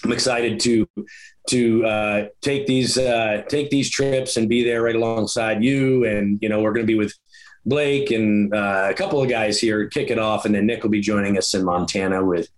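A man's voice: fairly low pitch, steady tone, normal speed. Folksy middle-aged man hosting a podcast. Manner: folksy, joking, fillers. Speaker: podcast host. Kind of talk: casual podcast chat.

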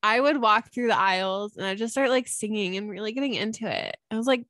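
A woman's voice: mid-range voice, fairly quick, fairly bright tone, no room sound. Chatty young woman, dry close mic. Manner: bubbly, rambling, lots of fillers. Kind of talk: casual podcast chat.

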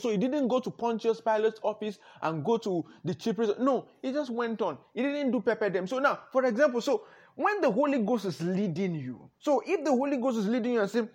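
Male pastor, high and husky, emphatic sermon delivery with frequent repetition. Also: expressive, fairly quick. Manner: emphatic, repeats "no, no", chuckles often.

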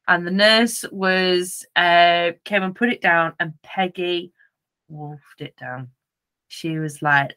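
A woman co-hosting a podcast, telling a story in lively casual chat, acting out voices, laughing and swearing. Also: on the low side, slow, smooth. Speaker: podcast co-host.

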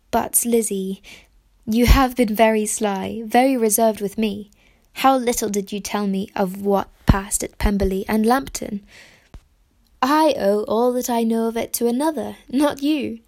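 A woman voicing a gentle, earnest young woman who is the elder sister, in a soft, pleading way. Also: fairly high pitch.

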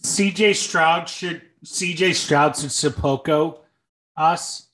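A young man co-hosts a casual podcast about sports and movies, offering dry, sarcastic jokes between thoughtful takes and using lots of ums and uhs. His voice is fairly high and a bit bright, and he takes things slowly.

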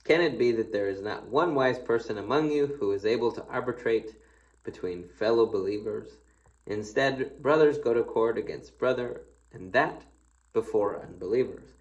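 A male pastor gives a casual devotional Bible teaching, reading scripture aloud and then commenting in a folksy, playful, conversational way. His voice is medium in pitch and moves at a normal speed, though the audio sounds dull.

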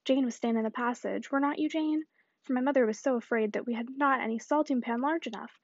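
A woman's voice: a little high, fast, no room sound, lo-fi sound. A woman reading the part of a talkative spinster, effusive and rambling on in run-on chatter. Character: talkative middle-aged spinster, breathless and effusive.

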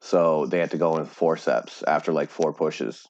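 A man with a very low, deep voice chatting easily. He sounds relaxed and supportive while sharing a story of his own. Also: normal speed, no room sound, dull audio. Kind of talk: casual chat.

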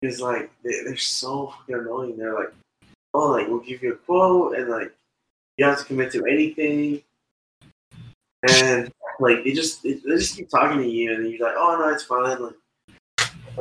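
A man's voice: mid-range voice, normal speed, fairly bright tone, roomy sound, slight background noise, low-quality recording. A young man telling a loose, swearing story in casual chat with friends. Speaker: podcast co-host.

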